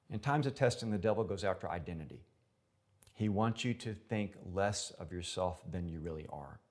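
Low-voiced man preaching emphatically. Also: expressive, normal speed, darkish tone. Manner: emphatic, repeats words for effect. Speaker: pastor. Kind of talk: sermon.

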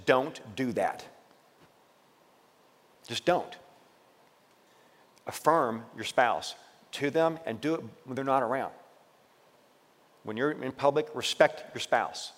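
A man's voice: medium pitch, measured pace, long pauses, long reverb tail. A man co-hosting a faith talk on marriage as a pastor, encouraging and given to preachy asides. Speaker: pastor, co-host. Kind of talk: casual ministry talk on marriage.

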